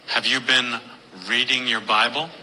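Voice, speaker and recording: A man voicing an elderly grandmother, sweet and pious, asking gentle sing-song questions in a stand-up bit. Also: mid-range voice, little pitch movement, measured pace, big-room sound, a little hiss or hum, low-quality recording. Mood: sweetly probing.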